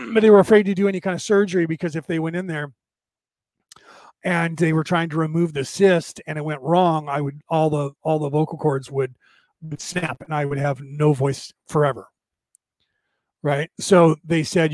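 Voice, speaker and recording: A man hosting a show, talking casually to his listeners in a halting way, with restarts and repeated words. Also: on the high side, steady tone, a little mellow, dry recording. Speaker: show host. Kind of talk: casual solo talk to listeners.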